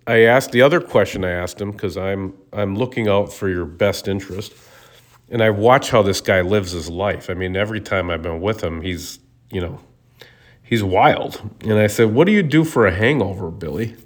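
A man's voice: on the low side, normal speed. A man from Minnesota hosting a show, telling funny stories in a casual, rambling way with hesitant restarts. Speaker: podcast host. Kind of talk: casual monologue.

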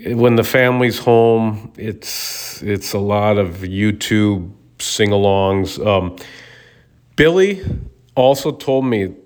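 A man's voice: on the low side, slow pace. A man from Minnesota hosting a show, telling funny stories in a casual, rambling way with hesitant restarts. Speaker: podcast host. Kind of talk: casual monologue.

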